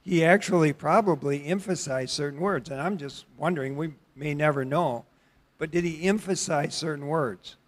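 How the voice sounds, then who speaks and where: A middle-aged man with a voice on the high side leads an interactive Bible study at church. He talks conversationally, putting questions to the congregation, with halting restarts.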